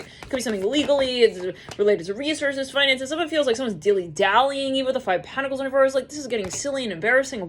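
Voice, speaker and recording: A woman giving a rambling, chatty tarot reading, full of fillers and quick acted-out quotes. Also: a little high, slight background noise. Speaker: tarot reader. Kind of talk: casual tarot reading monologue.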